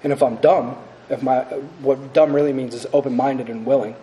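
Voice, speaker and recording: Man, 30s, recovery speaker at a podium; rapid, earnest, self-deprecating testimony, faint room hum. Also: mid-range voice, steady tone, warm tone, low-quality recording. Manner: earnest, self-mocking, full of fillers. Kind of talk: personal testimony talk.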